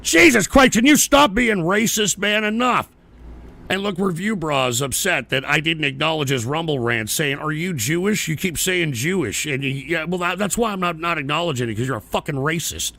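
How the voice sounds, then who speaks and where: A man hosts a live-streamed show in a bright, sharp voice with a gravelly rasp. He rants in a profane, combative way. He mocks his viewers and argues back at the messages they send in. His voice sits a little high for a man. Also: animated, brisk, few pauses. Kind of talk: casual ranting commentary.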